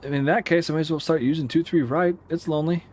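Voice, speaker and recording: A man who works as an air traffic controller, rambling casually while playing a simulator and breaking off to give crisp radio calls. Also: on the high side, fairly even intonation, fast talker, a little mellow. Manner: rambling, self-interrupting, gives radio calls mid-chat. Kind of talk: casual gameplay commentary.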